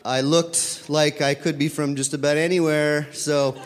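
A man's voice: on the high side, little pitch movement, measured pace, slight background noise. A man telling a personal story to an audience, rambling and correcting himself with many fillers. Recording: long reverb of a hall.

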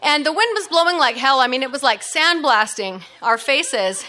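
Chatty high bright woman storyteller. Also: expressive, normal speed. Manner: chatty, laughing, many fillers. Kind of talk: personal storytelling.

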